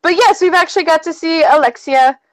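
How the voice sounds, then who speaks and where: A high-voiced woman chats casually as a co-host of a fan show. She rambles and gushes with excitable fangirl energy. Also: fairly quick, rough recording. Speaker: podcast co-host. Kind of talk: casual chat.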